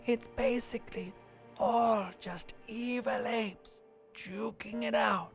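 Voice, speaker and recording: A woman voicing a creepy, gravelly, whispering inner voice in a game. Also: a little high, steady tone, slow, faint music behind. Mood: ominous.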